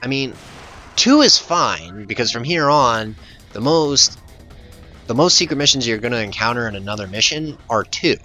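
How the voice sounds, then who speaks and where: A man's voice: medium pitch, lively intonation, normal speed, pushed and bright, soft background music. A man hosting a gaming channel, giving voice-over commentary on gameplay in a profane, exasperated rant.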